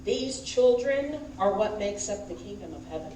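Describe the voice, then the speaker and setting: A woman's voice: mid-range voice, lively intonation, moderate pace, mellow, a little hiss or hum. A woman minister giving a conversational sermon in a church and questioning the congregation directly. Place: church sanctuary. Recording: echoey hall, picked up from a distance.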